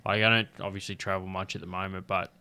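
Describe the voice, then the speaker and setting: A man's voice: deep voice, level tone, fast, pushed and bright, clean tone. An Australian man, a comedian, telling loose, rambling stories full of swearing in a casual chat. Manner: loose, rambling, profanity-heavy storytelling.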